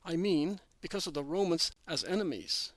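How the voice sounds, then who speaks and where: Judas: resentful, protesting apostle, read by a man, slightly high voice, dry recording. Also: expressive, moderate pace, dry recording. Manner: protesting, insistent. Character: Judas, anxious resentful adult male apostle.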